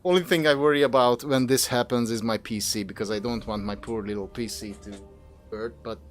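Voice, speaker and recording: Faint music plays behind this young man's fairly quick, medium-pitched voice, which keeps a fairly even intonation. Streaming a video game, he gives live commentary on his play while swearing and complaining, fed up with both the enemy and his computer.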